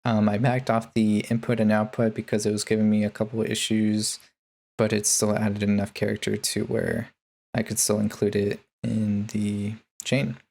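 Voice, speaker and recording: A man with a low, gravelly voice walks through his mixing chain in a relaxed tutorial. He speaks in a flat, even tone and fills his pauses with ums and uhs. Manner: laid-back, many ums and uhs. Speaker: music producer. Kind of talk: casual tutorial narration.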